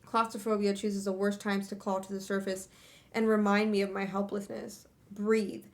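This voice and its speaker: A woman's voice: mid-range voice, flat delivery, moderate pace. Young woman, streamer, reads novel aloud, casual asides, desk mic at home. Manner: reads in first person, breaks off to laugh and curse. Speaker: streamer hosting a book club reading.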